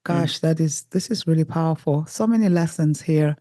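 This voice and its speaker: A woman's voice: sits low, normal speed, mellow, no echo, clean studio sound. A woman hosting a podcast interview, responding with enthusiastic, affirming remarks. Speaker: podcast host.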